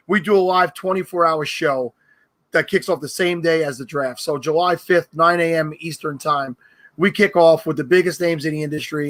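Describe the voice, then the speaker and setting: A man's voice: on the high side, sharp tone. A man with a New York accent, a guest on a podcast, chatting casually and teasing the hosts. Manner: joking, teasing, self-promoting.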